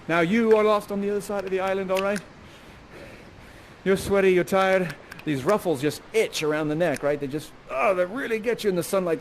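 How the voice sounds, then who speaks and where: A man's voice: sits high, slight background noise. A man playfully guiding an audience through a live immersive theatre scene, joking and theatrical.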